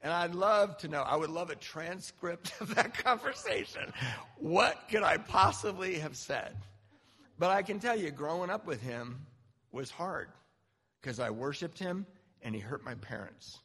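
A man in his fifties from Southern California, speaking at a recovery meeting and telling a personal story in an animated, self-mocking way. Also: fairly high pitch, unhurried, slightly rough. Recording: reverberant hall.

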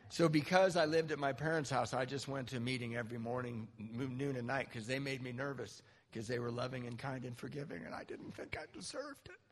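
A middle-aged man giving a personal recovery testimony, animated storytelling with acted-out quotes. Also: mid-range voice, brisk, few pauses. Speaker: speaker sharing a recovery story. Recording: long hall reverb.

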